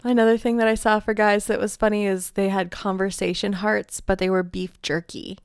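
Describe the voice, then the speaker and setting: Giggly gravelly-voiced woman co-host. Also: mid-range voice, level tone, normal speed, dry recording, studio quality. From Midwest US. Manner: giggly, chatty, quotes people in playful voices. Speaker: podcast co-host. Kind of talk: casual chat.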